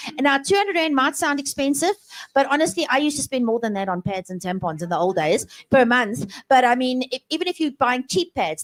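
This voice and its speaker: A woman's voice: fairly high pitch, low-quality recording. A woman speaking at an event, earnest and persuasive as she explains a product and its savings. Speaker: business speaker. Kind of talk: speech at an event. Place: event venue.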